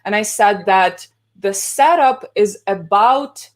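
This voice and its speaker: A woman's voice: medium pitch, moderate pace. A woman with a Ukrainian accent, a photographer chatting casually on a live stream over a video call, laughing often. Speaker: guest photographer. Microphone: video call, later gaming headset.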